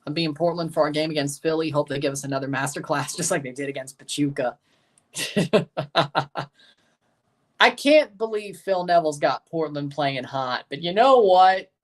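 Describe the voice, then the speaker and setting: A man's voice: on the high side, normal speed. A man hosting a live match watchalong, chatting casually and answering viewer comments as he reads them. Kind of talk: casual live reaction chat.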